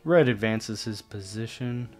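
A man's voice: lowish voice, measured pace, darkish tone, soft background music. A man commentating on his own gameplay, exasperated and swearing casually as he talks straight to the opponents on screen. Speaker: gaming channel host.

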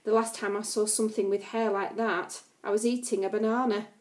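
A spiteful young barmaid girl who snarls and snaps her words with scorn, as a woman reads her part. She sounds close to the reader's own voice, a storybook character with a sharp tongue. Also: mid-range voice, steady tone, a little fast, lightly acted. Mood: scornful. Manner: snappy, scornful.

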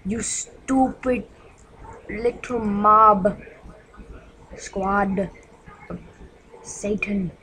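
A woman giving casual gameplay commentary at home, excitable and jittery, yelling insults at game monsters. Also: mid-range voice, drawn-out words, pauses often, a little hiss or hum, rough recording. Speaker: gaming channel host.

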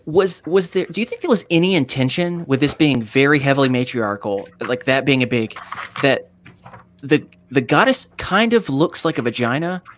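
Brief: man, casual podcast guest, rambling delivery, pitch swings up and down. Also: expressive, normal speed, a bit bright, slight background noise. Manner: rambling, self-correcting, restarts often. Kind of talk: casual chat.

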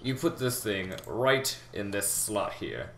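Young man, very low gravelly voice, breathy halting tutorial talk, echoey room, loud noise, keyboard clicks. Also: big pitch swings. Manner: rambling, halting, many fillers and restarts. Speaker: game tutorial maker. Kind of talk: casual gameplay tutorial. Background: keyboard typing and mouse clicks.

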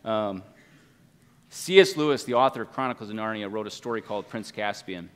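A man preaching a sermon as pastor, swinging between loud, urgent appeals and hushed, quiet passages. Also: on the low side, brisk, smooth. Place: church sanctuary. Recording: long hall reverb.

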